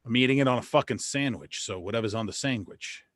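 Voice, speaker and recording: A man's voice: mid-range voice, quick pace, no echo, clean studio sound. A man hosting a casual talk show, blunt and profane, often restarting his words. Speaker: podcast host. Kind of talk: casual chat.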